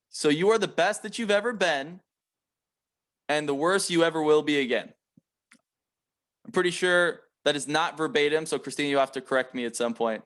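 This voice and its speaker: A man coaching a room of sales reps in an emphatic, repetitive way, often tagging his points with "right?". His voice sits a little higher than most men's. He speaks in a self-described aggressive manner. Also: a bit bright. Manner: emphatic, repeats key points, frequent "right?" tags; calls himself aggressive. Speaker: sales team trainer. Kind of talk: training talk to sales reps.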